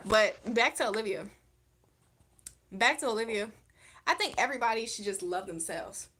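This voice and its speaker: A woman's voice: on the high side, expressive, a little slow, long pauses, pushed and bright. Blunt, outspoken woman streamer. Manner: blunt and outspoken, laughs often. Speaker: livestream host reading chat. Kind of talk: casual live chat.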